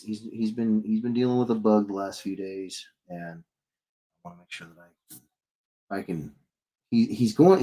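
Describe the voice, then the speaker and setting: A man's voice: lowish voice, a little mellow. A man in his thirties, an illustrator chatting casually with viewers on a live stream as he draws, joking, rambling and reading comments aloud. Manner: rambling and jokey, reads chat aloud, frequent restarts. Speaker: illustrator streaming while drawing.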